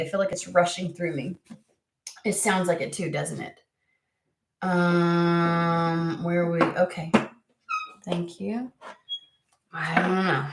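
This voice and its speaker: A woman's voice: fairly low pitch, heavy background noise. Rambling American woman in an echoey room. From United States. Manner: rambling, halting, many fillers and restarts. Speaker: tarot reader. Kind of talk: casual chat to camera.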